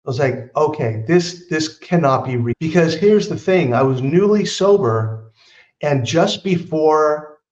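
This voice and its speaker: A man's voice: mid-range voice, darkish tone. A middle-aged man hosting a podcast, telling personal stories in a chatty, earnest way with rambling asides. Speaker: podcast host. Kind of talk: casual storytelling monologue. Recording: roomy, slightly dull recording.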